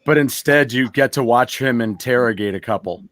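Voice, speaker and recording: A man's voice: medium pitch, fairly bright tone. A man bantering on a live chat show over a video call, teasing the others and riffing on their stories. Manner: teasing and joking, quick to riff. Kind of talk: casual banter.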